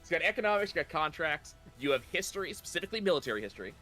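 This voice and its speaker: A man's voice: a little high, sing-song, very fast, sharp tone, faint music behind. A man acting as game master, casually talking players through character creation step by step. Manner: laid-back, explains rules step by step with fillers. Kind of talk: casual tabletop game session.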